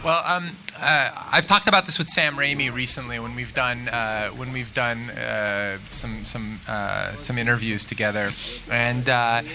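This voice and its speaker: A man, a film director, answering interview questions in a thoughtful, halting way, full of fillers and restarts. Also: medium pitch, steady tone, crowd noise. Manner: thoughtful, musing. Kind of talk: press junket interview.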